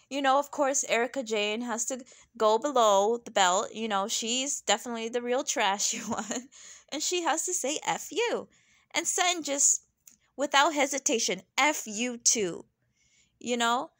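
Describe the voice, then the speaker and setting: A young woman giving a casual, sassy recap of a reality TV episode, animated and laughing often. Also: high-pitched. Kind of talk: casual chatty commentary.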